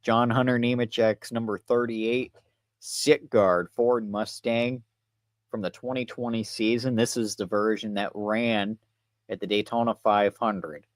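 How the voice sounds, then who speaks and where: A young man chatting casually to his livestream viewers while he works, relaxed and rambling. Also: fairly low pitch, measured pace, no echo, studio quality. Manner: relaxed, rambling, talks to chat while working.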